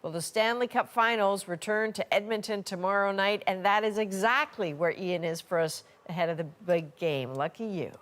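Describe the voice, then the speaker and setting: A woman's voice: mid-range voice, normal speed, few pauses, a bit bright. Composed female news anchor in studio. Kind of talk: scripted news reading.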